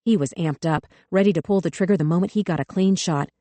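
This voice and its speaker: Woman reading a thriller audiobook, low-ish voice, dry studio sound. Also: fast, warm tone, no echo. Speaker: audiobook narrator. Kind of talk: scripted narration.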